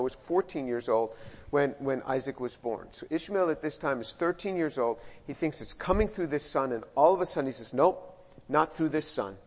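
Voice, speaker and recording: A middle-aged man preaching a verse-by-verse sermon in a conversational way, often repeating words as he goes. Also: a little high. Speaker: pastor. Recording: muffled sound in a reverberant hall.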